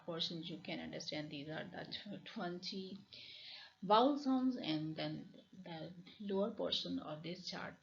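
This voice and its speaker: A woman with a Pakistani English accent delivers a recorded university lecture in a low-pitched voice. She talks deliberately, repeating and rephrasing her points with plenty of fillers. The recording sounds dull and lo-fi.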